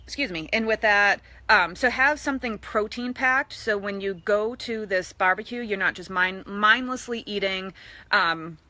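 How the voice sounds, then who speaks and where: Bright, chatty raised woman. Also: medium pitch, normal speed, no echo. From East Boston, USA. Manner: chatty, with playful voiced asides. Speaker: fitness coach. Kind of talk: live social media video.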